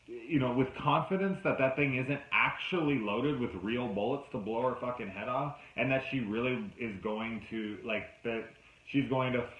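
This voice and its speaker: A man rants through a film review, exasperated and swearing freely. His voice sits at an ordinary middle pitch. The recording is dull and slightly lo-fi, with a roomy echo around him. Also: moderate pace. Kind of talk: casual ranting review. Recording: dull lo-fi sound in an echoey room.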